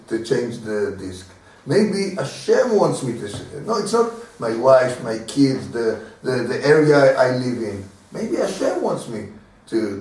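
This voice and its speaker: Rabbi guy giving a casual torah class, repeats himself a lot, far off mic in a big echoey room. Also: mid-range voice. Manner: animated, repeats words, acts out little dialogues with laughs. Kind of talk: informal Torah lesson.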